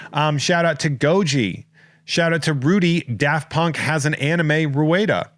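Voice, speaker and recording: Jokey American podcast host. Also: male voice, a little high, a little slow, dry recording. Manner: jokey, rambling, self-mocking. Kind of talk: casual comedic chat.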